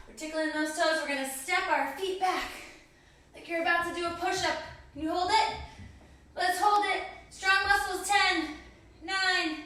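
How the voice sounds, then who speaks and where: A woman's voice: high voice, pushed and bright. A woman guiding a children's yoga class, encouraging and cueing each breath and pose. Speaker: kids yoga instructor. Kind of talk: guided kids yoga class. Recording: echoey room, voice from a distance.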